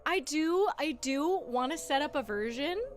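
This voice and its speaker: A woman's voice: sits high, expressive, measured pace. A woman streamer chatting casually and playfully, giggling often and tripping over tongue twisters. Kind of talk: casual live-stream chat while gaming. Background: background music.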